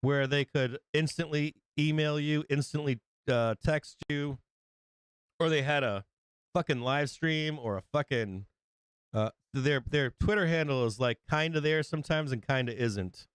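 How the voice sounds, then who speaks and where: A man's voice: fairly high pitch, a little slow, clear, resonant tone, no echo. A man hosting a trading livestream, rambling and swearing often as he acts out quoted exchanges. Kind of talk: casual profane chat.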